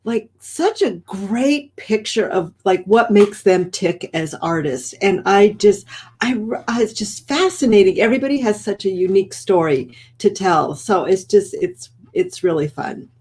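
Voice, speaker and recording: Slow, gushing woman co-host. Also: mid-range voice, animated, darkish tone, breathy edge. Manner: gushing, lots of "like" fillers. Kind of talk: casual interview chat. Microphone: video call.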